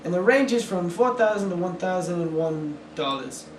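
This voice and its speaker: A man's voice: sits high, animated, moderate pace, echoey room, far from the mic, a little hiss or hum, poor audio. A young man playing a British astronomer in an amateur skit, earnest and stumbling over his words. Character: pompous British male astronomer being interviewed. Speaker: interviewee in a school project skit.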